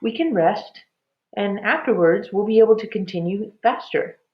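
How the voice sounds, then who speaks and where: A woman doing a gentle, worried father. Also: mid-range voice, expressive, normal speed, roomy sound, voice pushed up, close to an everyday voice. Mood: coaxing. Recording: dull lo-fi recording.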